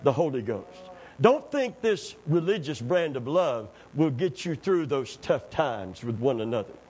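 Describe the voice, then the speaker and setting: A man preaching a sermon, telling stories and jokes, swinging between hushed moments and near-shouting fervor. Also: mid-range voice, big pitch swings, measured pace, husky, low-quality recording. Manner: impassioned, rising to near-shouts, folksy storytelling with jokes.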